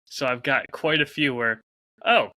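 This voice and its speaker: A man with a mid-range voice and a bright, forceful tone, recorded close and dry with no room sound. He speaks earnestly and hesitantly in casual podcast chat, often pausing to find his words. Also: medium pitch, steady tone, no room sound. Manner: hesitant, lots of ums and restarts, earnest. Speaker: podcast co-host.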